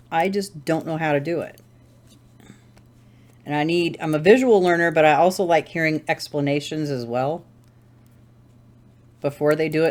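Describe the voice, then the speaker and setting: A woman's voice: low-pitched, darkish tone. A woman hosting a crafting channel, chatting casually at home while she knits, rambling and correcting herself as she thinks aloud. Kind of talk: casual chat while knitting.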